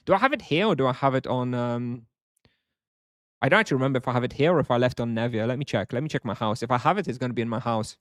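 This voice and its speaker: A man's voice: mid-range voice, racing, fairly bright tone, dry recording, studio quality. A man streaming a game live, chatting casually and answering viewers at length. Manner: rambling, reads chat aloud and answers.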